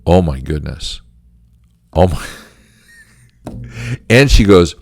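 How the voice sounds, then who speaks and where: A man's voice: deep voice, sing-song, takes it slowly, vocal fry, pauses often, darkish tone, slight background noise. A middle-aged man hosting a management teaching channel, telling a workplace story in an earnest, emphatic way with short laughs. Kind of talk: storytelling lesson talk.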